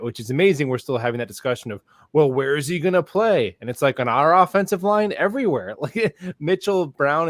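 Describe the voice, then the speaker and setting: Man giving measured football opinions. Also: medium pitch, no room sound, studio quality. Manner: thoughtful, explains at length. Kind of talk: casual chat.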